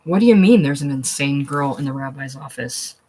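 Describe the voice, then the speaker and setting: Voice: mid-range voice, expressive, brisk, warm tone, a little hiss or hum, close to an everyday voice, rough recording. A reader doing an indignant young man. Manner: demanding, suspicious.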